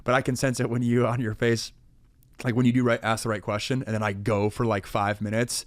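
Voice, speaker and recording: A man's voice: mid-range voice, flat delivery, fairly quick, dry recording. A young adult man co-hosting a podcast with his wife, laid-back and joking, talking in long rambling runs. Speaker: podcast co-host. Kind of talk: casual couple chat.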